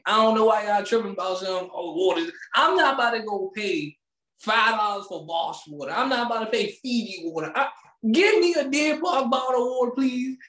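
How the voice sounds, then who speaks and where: Loud, animated man with a high voice. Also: roomy sound. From Maryland, USA. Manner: loud, animated, swearing, laughing often. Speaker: podcast co-host. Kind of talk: casual comedic rant.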